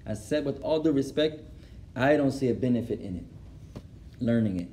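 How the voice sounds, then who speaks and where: A man's voice: mid-range voice, expressive, normal speed, warm tone, a little hiss or hum. A man teaching an Islamic lesson to a class. He switches between English and Arabic, translating as he goes, repeats phrases for emphasis and laughs at his own stories.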